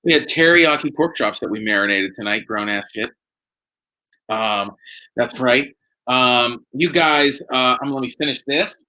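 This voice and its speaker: A man hosting a casual live stream from home, rambling and excitable as he chats and drinks. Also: medium pitch, a little slow. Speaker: host. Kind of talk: casual livestream chat.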